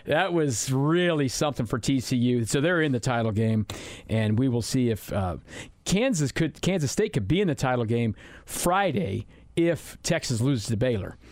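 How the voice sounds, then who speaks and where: A man hosting a sports talk radio show in the studio, chatty and rambling with quick asides. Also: medium pitch, expressive, darkish tone, no room sound. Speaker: fill-in sports radio host. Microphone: studio microphone.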